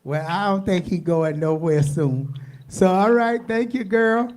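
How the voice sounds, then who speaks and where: A woman hosting a call-in radio show, chatting casually in a folksy, drawn-out way. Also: lowish voice, darkish tone.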